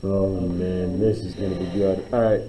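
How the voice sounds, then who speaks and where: A man's voice: low voice, level tone, normal speed, background noise. A man teaching a math class, spinning playful, teasing story problems about his students.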